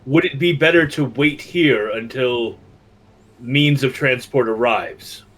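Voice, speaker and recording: A man playing a tabletop game, speaking hesitantly with many pauses and ums. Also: mid-range voice, fairly bright tone. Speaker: player.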